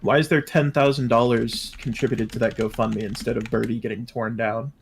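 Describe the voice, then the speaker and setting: A man's voice: medium pitch, flat delivery, fairly quick, creaky, slight background noise. A man in casual livestream chat, making sarcastic, joking asides.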